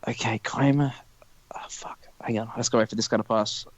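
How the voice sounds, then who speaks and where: A man's voice: mid-range voice, fairly even intonation, brisk, no echo. A young man hosting a casual podcast chat, rambling and profane, often stopping and restarting his thoughts. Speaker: podcast host.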